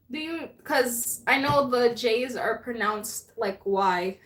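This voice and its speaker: A woman's voice: on the high side, lively intonation, slow pace, fairly bright tone. A young woman hosting a live stream, chatting casually, laughing often and reading viewer comments, a bit out of breath.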